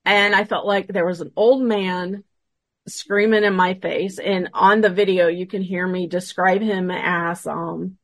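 A woman who investigates the paranormal appears as a guest on an interview show, recounting a story from one of her investigations in a casual, animated way and acting out the dialogue. Her voice is lowish and her pace measured, with no room sound.

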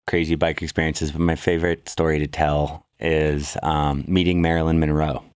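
A man with a very low voice tells a story in a loose, casual way. He gets animated and pushes his pitch way up for quoted lines. The sound is dry and close. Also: normal speed, clean tone, no echo. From worked in San Francisco. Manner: animated storyteller, jumps high when quoting people. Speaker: podcast guest.

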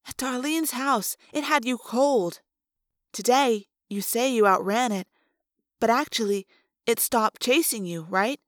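A woman reading an audiobook, voicing a sharp, thoughtful teenage girl who fires off quick, eager questions. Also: fairly high pitch, dry recording, clean studio sound, voice pushed up. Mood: puzzled. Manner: quick questioning bursts, rising in excitement.

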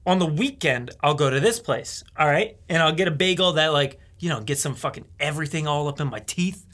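A man co-hosting a podcast in casual chat, animated and swearing, often jumping into high put-on voices for bits. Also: a little fast. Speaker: podcast co-host.

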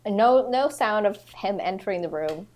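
A woman co-hosting a podcast, chatting in a relaxed, agreeable way with plenty of fillers. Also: mid-range voice, normal speed. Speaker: podcast co-host. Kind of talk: casual chat.

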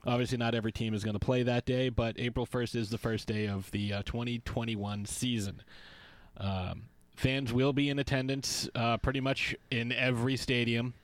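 A man's voice: mid-range voice, little pitch movement, normal speed, dry recording. A man co-hosting a podcast in casual sports chat, joking and doing mocking impressions. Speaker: podcast co-host.

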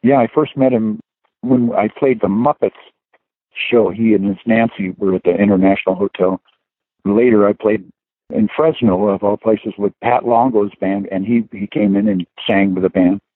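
Chatty male guest reminiscing, low-pitched, heard over a tinny phone line. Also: fairly even intonation, normal speed, no room sound. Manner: rambling anecdotes with chuckles and "you know" fillers. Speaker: guest musician. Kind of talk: casual storytelling interview.

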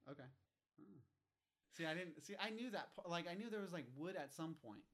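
Slightly high-voiced man chatting. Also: lively intonation, fairly bright tone. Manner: chimes in with short agreements, measured when explaining. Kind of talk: casual conversation.

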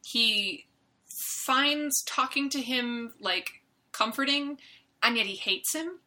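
A young woman co-hosting a podcast, chatting in a rambling, animated way. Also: fairly high pitch. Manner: rambling, animated, quick to laugh. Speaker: podcast co-host. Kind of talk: casual chat.

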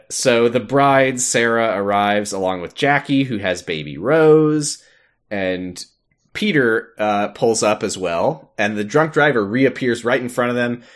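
A man's voice: medium pitch, unhurried. A man cohosting a comedy podcast, retelling a TV episode in a jokey way and acting out characters in silly voices. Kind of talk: casual comedy recap chat.

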